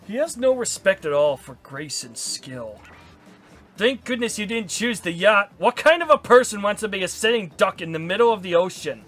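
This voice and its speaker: A man's voice: sits high, sing-song, normal speed, fairly bright tone, exaggerated voice. A man voicing an eager, sporty female huntress who is boastful and enthusiastic.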